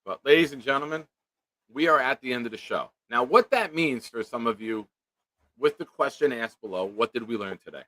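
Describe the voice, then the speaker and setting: A man's voice: mid-range voice, animated, a little fast, pushed and bright, dry recording. A man hosting a casual live-stream chat, joking around and reading viewer comments aloud. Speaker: show host.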